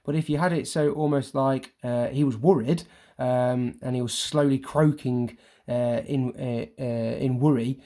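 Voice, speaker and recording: A man's voice: medium pitch, steady tone, moderate pace, warm tone. A young man, a primary school teacher talking through a remote lesson in a casual, hesitant way, full of fillers and self-corrections. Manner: hesitant, many ums and self-corrections, chatty and informal.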